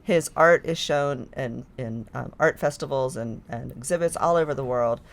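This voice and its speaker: A woman's voice: rumbling low, normal speed. A woman guest on a podcast, talking in a chatty, enthusiastic way with many fillers. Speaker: podcast guest, filmmaker staff. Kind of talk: casual chat.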